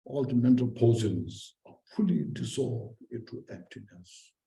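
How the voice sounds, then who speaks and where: A man giving a Buddhist dharma teaching in short, halting phrases, often repeating words. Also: medium pitch, lively intonation, creaky, mellow, roomy sound, poor audio.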